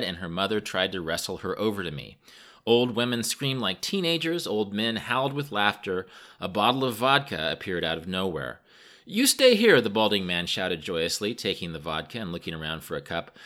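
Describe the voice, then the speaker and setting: A man's voice: sits low, animated, normal speed, pushed and bright. A man from the United States narrating a travel memoir in a wry, self-mocking way.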